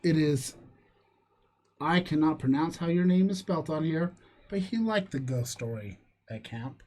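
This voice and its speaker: A man on a podcast reading a ghost story aloud in a hushed, suspense-building way, stumbling over words now and then. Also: a little high, animated, measured pace. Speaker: podcast co-host. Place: near Las Cruces, New Mexico.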